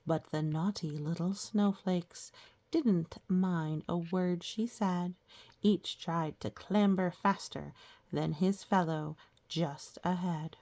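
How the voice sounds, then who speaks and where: A woman reading old children's rhymes aloud, stopping to gently explain the lessons and pictures. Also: lowish voice, takes it slowly.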